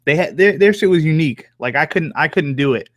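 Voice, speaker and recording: A man's voice: fairly high pitch, lively intonation, fairly quick, fairly bright tone, dry recording, studio quality. A young man from Oklahoma chatting casually on a live stream, answering viewers with lots of fillers, cursing and jokes. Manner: rambling, profane, joking, lots of fillers. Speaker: streamer reading chat.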